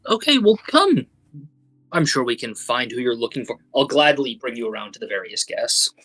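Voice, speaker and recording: A man's voice: mid-range voice, very animated, moderate pace, fairly bright tone. A man playing his character in a tabletop game, speaking in character and asking short questions. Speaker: player.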